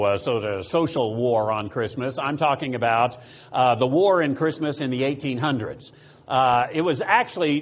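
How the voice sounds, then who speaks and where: A man from the United States preaching a sermon, talking casually with fillers, restarts and rhetorical questions to the congregation. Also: a little high. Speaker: pastor.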